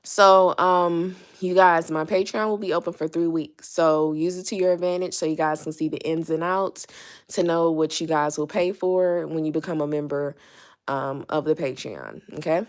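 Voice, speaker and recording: A young woman with a low voice talks through a tarot reading in a loose, chatty way. She fills gaps with ums and checks in with "okay?" as she goes, and sounds a little out of breath. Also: fairly even intonation, moderate pace. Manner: chatty, many ums and okays. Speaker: tarot reader. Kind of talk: casual tarot reading to camera.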